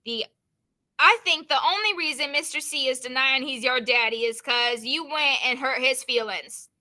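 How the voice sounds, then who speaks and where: A joking male jazz musician with a playful, slangy drawl, as a woman reads him aloud. The voice sits high and rings bright and forceful, heard over a video call. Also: normal speed. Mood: teasing.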